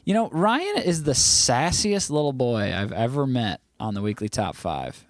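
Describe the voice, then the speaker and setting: A man's voice: medium pitch, sing-song, measured pace, no room sound, clean studio sound. An American man hosting a casual livestream from home, reading chat comments aloud in a playful, joking way. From United States. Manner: playful, joking, breaks into bits of song. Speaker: livestream host.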